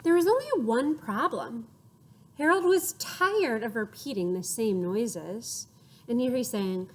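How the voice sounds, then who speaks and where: Woman, children's storyteller, interactive picture-book read-aloud, slow and expressive, slightly high. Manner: expressive, acts out sound effects and invites children to repeat.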